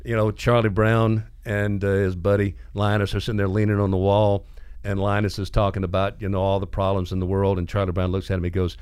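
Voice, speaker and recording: A man's voice: on the low side, little pitch movement, brisk, a little mellow, clear, resonant tone, dry recording, clean studio sound. A middle-aged man hosting a radio talk show, telling stories and acting out the voices of comic strips. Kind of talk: casual on-air talk.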